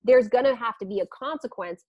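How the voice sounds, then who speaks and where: A woman dog trainer, a guest on a podcast interview, explaining her training in a lively way with frequent laughs. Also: a little high, fairly quick, no room sound, muffled recording. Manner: animated, laughs often, acts out quotes.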